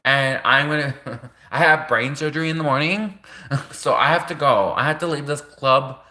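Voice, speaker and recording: A man's voice: medium pitch, lively intonation, normal speed, sharp tone. A man voicing a ditzy party-girl female brain surgeon, giggling and drawling like a valley girl. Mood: giggly.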